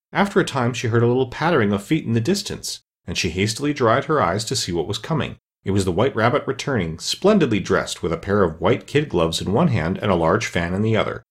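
A man narrating a storybook as an audiobook, reading with expressive storytelling. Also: lowish voice, slightly rough.

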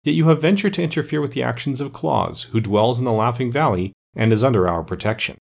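A grave and commanding immortal lord of the forests, as a man reading the tale puts him on. His voice sits higher than the reader's own, and he speaks with stern, calm authority in a storybook reading. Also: quick pace, creaky. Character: stern ancient male immortal master woodsman.

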